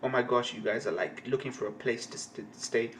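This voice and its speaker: A man's voice: medium pitch, fairly quick, fairly bright tone, a little hiss or hum, voice pushed down, natural voice. A man reading a teenage fangirl aloud, putting on a gushing, breathless valley-girl voice full of filler words.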